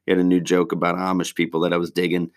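A stand-up comedian with a deep, low voice rambles at length from point to point, as if recapping his week for his regular audience. His delivery is monotone and rapid-fire, laid-back and loaded with slang and constant swearing.

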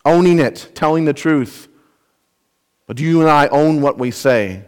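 A man's voice: medium pitch, normal speed, long pauses, clean tone. A man preaching an expository sermon, earnest and emphatic, explaining word meanings and putting rhetorical questions to his listeners. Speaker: pastor.

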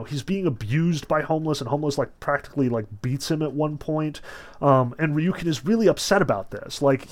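Man lecturing casually with many fillers. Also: mid-range voice. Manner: loose, filler-heavy, lots of "like" and "um". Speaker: literature lecturer.

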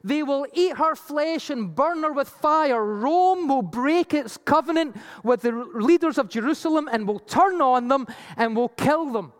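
A preacher giving an animated Bible teaching sermon with slides, acting out the voices it quotes. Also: high voice, a little slow, few pauses. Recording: long reverb of a large hall.

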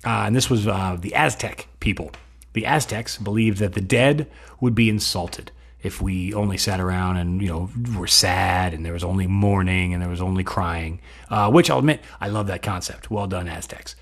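A man's voice: sits low, moderate pace, husky. A man giving a rambling comedic monologue, joking at his own expense and filling it with asides. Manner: rambling, self-deprecating, many fillers and restarts. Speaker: comedic host.

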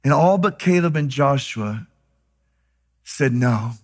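A man preaching a sermon with passion, moving from hushed, slow lines to loud, shouted declarations. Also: medium pitch, animated. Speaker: pastor.

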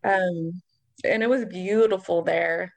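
A woman's voice: fairly low pitch, takes it slowly, vocal fry. A woman recalling her past in a casual group chat, rambling and chatty.

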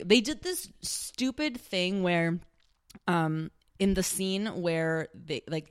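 A woman's voice: low voice, clear, resonant tone. A young woman co-hosting a casual podcast, rambling through a TV recap with lots of "like" fillers and frequent laughter. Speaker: podcast co-host. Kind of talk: casual chat recapping a TV show.

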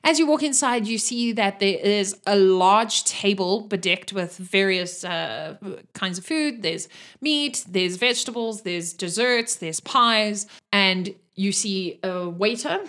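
A woman's voice: mid-range voice, slow, fairly bright tone. A woman running a tabletop game as game master, describing scenes with many fillers.

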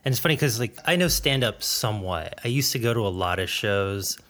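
A man's voice: fairly low pitch, animated, brisk, a bit bright. A man from New Jersey hosting a casual podcast interview, chatty and self-deprecating, with frequent laughter. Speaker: podcast host.

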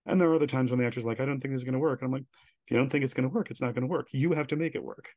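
A man's voice: mid-range voice, very fast, darkish tone, no room sound. A man, a guest on an interview podcast, telling stories animatedly and acting out the quoted lines. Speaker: guest, director.

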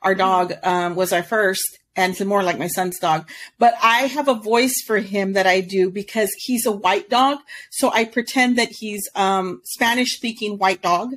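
A woman's voice: medium pitch, fairly even intonation, measured pace, fairly bright tone, a little hiss or hum. A woman co-hosting a podcast in casual chat, talking readily and laughing often. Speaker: podcast co-host.

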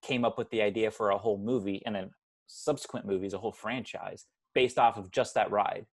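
Young guy, low voice, rambles and restarts a lot on a movie podcast. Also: steady tone, brisk. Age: 20s. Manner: rambling, self-correcting, chatty. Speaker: podcast co-host. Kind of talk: casual movie podcast chat.

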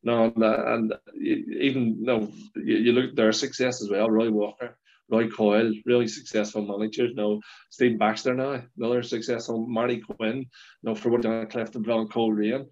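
Middle-aged Northern Irish ex-footballer, loose chatty anecdotes, muffled lo-fi audio. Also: male voice, mid-range voice, little pitch movement, normal speed, darkish tone. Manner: rambling anecdotes with frequent laughs and restarts. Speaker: former footballer guest. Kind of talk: casual storytelling chat. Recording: dull lo-fi sound.

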